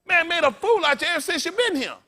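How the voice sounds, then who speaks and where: A man preaching with a high, bright, ringing voice, calling out questions for the congregation to answer. He is blunt and profane, animated, and often breaks into laughter. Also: fast talker. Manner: loud call-and-response preaching, blunt and profane. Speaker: pastor. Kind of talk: sermon.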